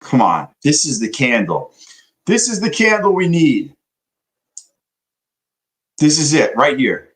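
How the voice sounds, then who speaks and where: A man's voice: a little high, very animated, slow, pauses often, a bit bright, poor audio. A young man day trading live, chatting loosely with his stream viewers and swearing now and then. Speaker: livestream day trader. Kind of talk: casual live-stream chat.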